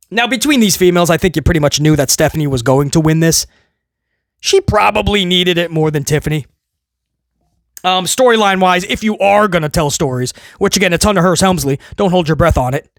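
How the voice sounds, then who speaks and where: A man's voice: on the high side, no room sound, studio quality. A man hosting a casual video review, ranting in a sarcastic, exasperated way and rambling with many restarts. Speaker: wrestling show reviewer, host.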